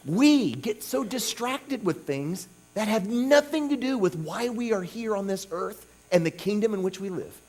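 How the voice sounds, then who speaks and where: A man preaching at a revival in a fairly high, very lively voice that rises and falls a lot. He talks casually to the congregation and keeps asking "okay?", dropping to soft asides and then breaking into loud emphatic bursts. A faint mains hum sits under the recording. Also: measured pace, few pauses. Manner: conversational, peppered with "okay?" and "you know". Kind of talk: sermon.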